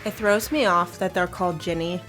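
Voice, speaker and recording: Low-voiced chatty woman over game music. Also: steady tone, normal speed, fairly bright tone. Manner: chatty, laughs often, storytelling. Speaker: co-host of a game let's play. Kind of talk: casual chat over gameplay.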